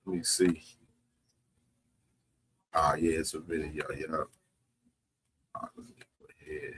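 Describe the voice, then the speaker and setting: A man's voice: rumbling low, level tone, takes it slowly, noisy background. A man hosting a boxing livestream, talking in loose, slangy, casual commentary. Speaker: boxing stream host.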